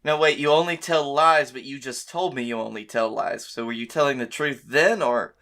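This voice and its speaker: A man co-hosting a comedy podcast, pitching ideas in a laid-back way with some swearing. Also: moderate pace, creaky, a bit bright. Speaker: podcast co-host.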